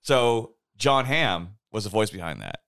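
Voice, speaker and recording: A man talks casually and loosely, trailing off and circling back. His voice is bright and moves in a lively way, at an average pitch. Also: measured pace, gravelly. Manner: rambling, hesitant, laughing. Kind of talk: casual chat.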